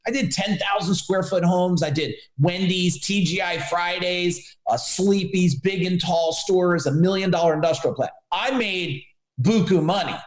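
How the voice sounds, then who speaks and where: A man in his forties telling stories as a guest in a casual podcast interview, animated and talking straight to the host. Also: high-pitched, unhurried. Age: 40s. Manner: animated storyteller, addresses the host by name. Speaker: business coach guest. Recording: roomy echo.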